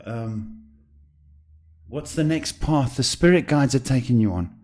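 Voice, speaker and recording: A man with a South African accent reads tarot on a live stream. He talks in an animated, familiar way and calls viewers sweetheart. His voice sits at a middle pitch. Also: a little slow. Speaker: psychic tarot reader. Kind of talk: live-stream reading, casual advice.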